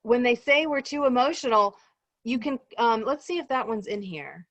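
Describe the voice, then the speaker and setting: A woman's voice: on the high side, lively intonation, normal speed, a bit bright, no echo, lo-fi sound. A woman facilitating a group discussion in a conversational way, full of ums and "right?" checks. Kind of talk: casual group discussion on a video call.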